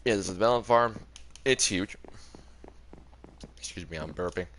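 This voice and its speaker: A young gaming creator rambles through a casual walkthrough of his game world, often backtracking to correct himself. His voice sits low but fairly bright, and he talks rapid-fire.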